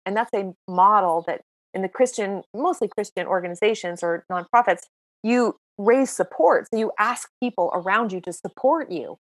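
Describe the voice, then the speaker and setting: Lively self-mocking woman in her 60s. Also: medium pitch, moderate pace, dry recording. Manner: lively, self-mocking storyteller who acts out dialogue. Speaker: podcast guest. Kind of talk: casual interview storytelling.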